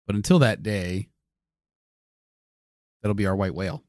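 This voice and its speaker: A man's voice: on the low side, fairly even intonation, measured pace, darkish tone, no echo, clean studio sound. Playful man riffing improv comedy. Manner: playful, building on partner's jokes. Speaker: comedy podcast co-host.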